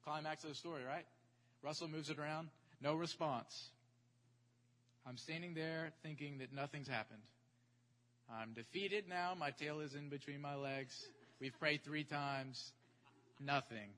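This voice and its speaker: A man preaching, telling a testimony story in an animated, chatty way and checking in with his audience. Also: fairly high pitch, measured pace, long pauses. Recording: echoey hall.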